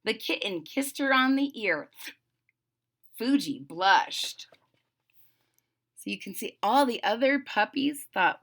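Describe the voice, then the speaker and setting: A woman reading a children's picture book aloud as a channel host, pausing to explain the pictures. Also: fairly high pitch, lively intonation, gravelly. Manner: slow, gently explaining the pictures. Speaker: storybook read-aloud host.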